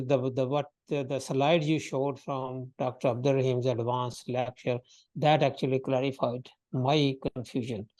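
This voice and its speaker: A man student in a class discussion, speaking haltingly with many restarts and fillers. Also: mid-range voice, darkish tone, no echo, rough recording.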